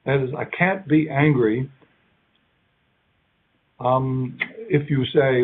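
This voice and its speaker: A man giving an academic keynote lecture in a conversational, halting way, now and then acting out short quoted lines. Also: medium pitch, fairly even intonation. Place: lecture hall. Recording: tinny phone-like sound.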